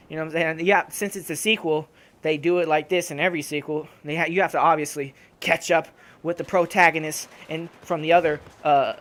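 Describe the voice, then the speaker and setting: A young man ranting casually and profanely over gameplay footage, with laughs and animated outbursts. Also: fairly high pitch. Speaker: gaming YouTuber.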